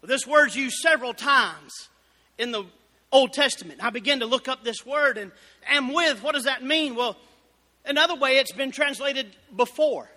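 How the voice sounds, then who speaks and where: A man preaching a fervent Baptist sermon, building up to shouted exclamations. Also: very high voice, normal speed. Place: church sanctuary. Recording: reverberant church hall.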